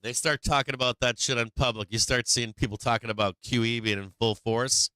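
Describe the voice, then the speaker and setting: A man's voice: mid-range voice, fairly even intonation, a little fast, sharp tone, smooth, dry recording. An older man hosting a stock market livestream, talking casually with lots of swearing and laughter. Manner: profane, laughing, rambling.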